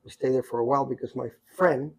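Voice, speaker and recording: A man in his sixties telling rambling, animated stories from his youth in a casual podcast chat. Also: medium pitch, quick pace, husky, low-quality recording. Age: 60s. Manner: rambling, animated anecdotes with many asides. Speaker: podcast guest storyteller. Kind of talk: casual storytelling.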